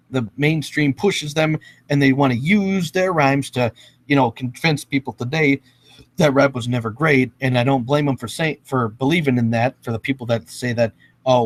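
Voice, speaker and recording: A man ranting casually and freestyle rapping at home, profane and rambling. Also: mid-range voice. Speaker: freestyle rapper. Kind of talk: casual rant and freestyle rap. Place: indoors at home.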